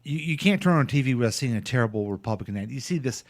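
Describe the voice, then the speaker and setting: A man's voice: medium pitch, lively intonation, racing. A man from Missouri co-hosts a talk radio show in a loose, blunt chat. He gets indignant over the clips he plays and laughs often. His voice sits in the middle of a man's range. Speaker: radio co-host. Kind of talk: casual political chat.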